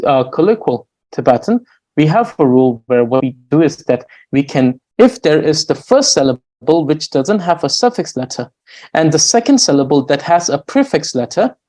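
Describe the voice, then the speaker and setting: A man's voice: on the high side, a little mellow, rough recording. A man teaching a recorded grammar lesson, explaining patiently with frequent fillers and restarts. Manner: slow, patient explaining with fillers and restarts, drawing out example words. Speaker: language teacher.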